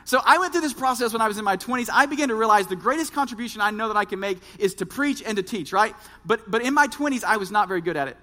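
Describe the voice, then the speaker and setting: A pastor in his thirties preaches an earnest sermon, speaking directly to his congregation. His voice is fairly high and bright. It rings out with a long reverb in a large church hall. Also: lively intonation, fast, hardly any pauses. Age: 30s.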